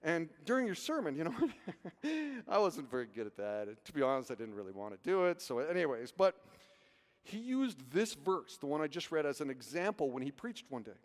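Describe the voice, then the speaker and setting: A man's voice: a little high, moderate pace. A man preaching a sermon as pastor, telling stories and asking rhetorical questions. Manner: animated storytelling, rhetorical questions. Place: church sanctuary. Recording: reverberant hall.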